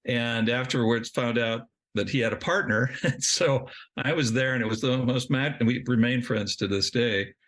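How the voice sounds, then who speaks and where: A man's voice: medium pitch, moderate pace, a bit bright. Rambling middle-aged man telling a story. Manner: rambling, restarts often, laughs at himself. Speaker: podcast guest. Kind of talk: storytelling in an interview.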